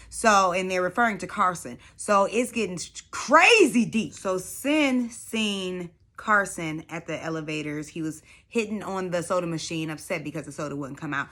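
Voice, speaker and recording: A woman hosting a casual reality show recap, animated and slangy with plenty of profanity. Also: on the low side, moderate pace, hardly any pauses.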